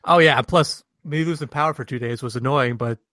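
A man's voice: mid-range voice, a little fast, a bit bright, dry recording, studio quality. A man co-hosting a casual podcast chat, joking around and laughing often. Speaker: podcast co-host.

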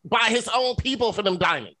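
A man co-hosting a casual movie-review chat, animated and joking, repeating lines for emphasis. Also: high-pitched, fairly quick. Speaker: podcast co-host.

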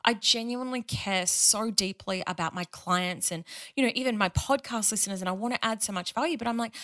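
An Australian woman, a money mentor guest on a podcast, telling stories in an emphatic, animated casual chat. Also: medium pitch, a little fast, hardly any pauses.

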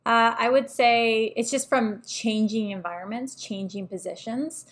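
A woman's voice: a little high, unhurried. Woman, podcast host, conversational interviewer. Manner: engaged interviewer, reads quotes aloud.

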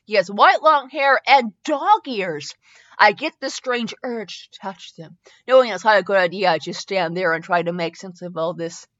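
A woman's voice: medium pitch, moderate pace, fairly bright tone, no echo. A woman podcast host doing a mock-dramatic comic reading of fan fiction, spelling some words out letter by letter. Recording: dull dry lo-fi recording.

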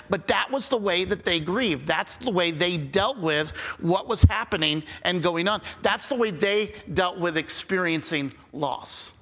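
A man's voice: sits high, measured pace, few pauses, a bit bright, long reverb tail. A man preaching a sermon as pastor, talking conversationally, repeating key phrases and checking in with "okay?".

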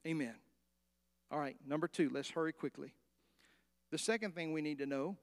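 A man preaching with a high-pitched voice. He is animated, acts out the story with little voices, and keeps asking the congregation questions. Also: moderate pace, long pauses. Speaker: pastor. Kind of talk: sermon.

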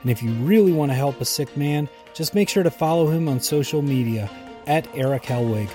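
A male comedian reads a comedic promo in a dry, sarcastic roasting manner. Loud music plays under his voice. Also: fairly high pitch, animated, a little fast. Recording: spoken over loud music.

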